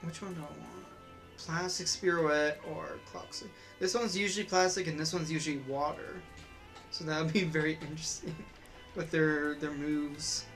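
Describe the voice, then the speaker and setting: A game streamer giving casual let's-play commentary, chatty and excitable, thinking aloud while playing. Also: mid-range voice, moderate pace. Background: faint game music.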